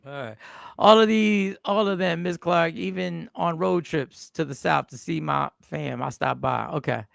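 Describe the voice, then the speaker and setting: A man co-hosts a casual livestream, reading viewer comments aloud and riffing on them with a joking manner. His voice is deeply gravelly and sits a little high. It sounds dry and close to the mic. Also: a little slow, fairly bright tone, no echo. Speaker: livestream co-host.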